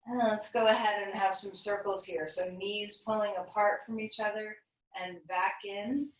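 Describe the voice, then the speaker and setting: A woman leading a guided yoga class, giving calm, gentle, encouraging cues. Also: mid-range voice, normal speed. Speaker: yoga teacher. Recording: echoey room, voice from a distance.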